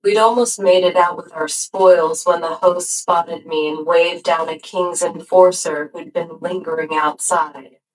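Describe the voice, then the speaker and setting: A woman with a lowish voice narrates a novel in the first person. She reads slowly and deliberately and lets each phrase settle before the next. The delivery is a steady audiobook read. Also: low-quality recording. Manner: measured, unhurried storytelling.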